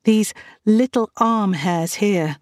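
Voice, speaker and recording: A woman voicing a lively, teasing young sister in an audiobook, eager and bubbly. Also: mid-range voice, takes it slowly, no room sound, clean studio sound, voice pushed up, close to an everyday voice.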